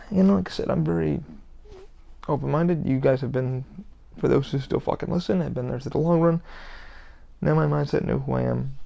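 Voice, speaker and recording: A man's voice: medium pitch, gravelly, darkish tone, muffled recording. A man hosting a podcast alone, ranting bluntly in an unscripted monologue, swearing constantly and often restarting his sentences. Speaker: podcast host.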